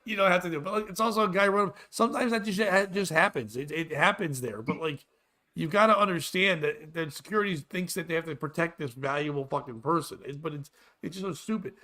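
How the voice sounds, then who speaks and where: High-voiced man ranting profanely. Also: quick pace. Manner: profane, loud, animated ranting. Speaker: podcast host. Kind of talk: crude comedic rant.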